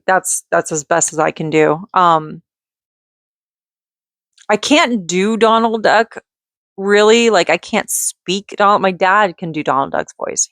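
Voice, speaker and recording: A woman's voice: medium pitch, a bit bright, dry recording. Giggly rambling woman, dry close sound. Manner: chatty, giggly, quick to go off on tangents. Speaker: vlogger and mother. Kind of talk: casual rambling rant.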